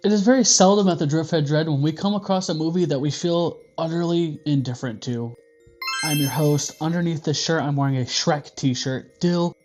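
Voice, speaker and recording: A man's voice: fairly high pitch, normal speed, music in the background. A man hosting a casual movie review, joking and swearing freely. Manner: profane, joking, animated.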